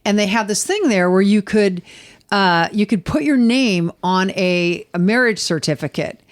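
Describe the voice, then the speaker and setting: A middle-aged woman co-hosting a casual chat show. She tells stories in an animated way and puts on the voices of the people she quotes. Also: medium pitch, normal speed. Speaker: podcast co-host.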